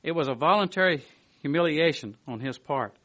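A man giving a sermon, reading a commentary aloud and adding his own asides, moving between emphatic bursts and quiet, hushed stretches. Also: fairly high pitch, a little fast. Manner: lively, swings from emphatic to hushed. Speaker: preacher.

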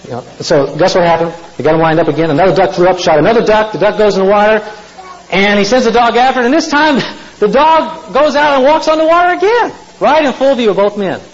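High-voiced man preaching a folksy sermon. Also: expressive, quick pace, lo-fi sound. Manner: folksy storytelling, asks the congregation questions.

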